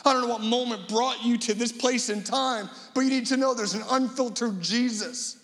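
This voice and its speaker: A man's voice: very high voice, moderate pace, fairly bright tone, big-room sound. A middle-aged male guest preacher giving a dramatic storytelling sermon, acting out imagined voices.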